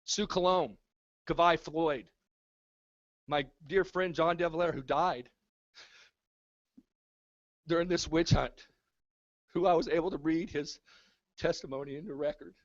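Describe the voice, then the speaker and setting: A man's voice: fairly high pitch, fairly even intonation, a little slow, pauses often, lo-fi sound. Fervent man rallying a town hall. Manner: fervent, repetitive rallying speech. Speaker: activist speaking at a town hall. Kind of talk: impassioned public speech. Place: town hall meeting room.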